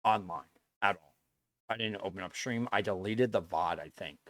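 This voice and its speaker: A man's voice: on the low side, normal speed, a bit bright, dry recording. A man streaming live, talking earnestly and at length to his chat, repeating his points and swearing often. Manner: earnest, lecturing and repetitive, with frequent swearing.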